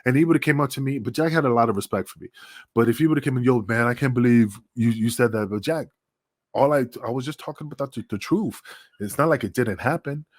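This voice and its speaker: A man's voice: mid-range voice, fast talker, no echo. A middle-aged man in casual podcast chat, telling rambling, profane stories full of restarts. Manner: profane, rambling storyteller who often acts out quotes.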